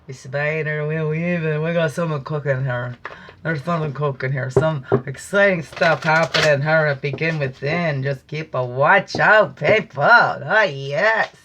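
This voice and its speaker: A woman hosting a spiritual teaching talk, with a bright, clear voice. She muses and wanders between thoughts, stretching out key phrases slowly for emphasis. Her tone is earnest and unhurried. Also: sits low, a little hiss or hum. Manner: meandering, reflective, musing asides. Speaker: host.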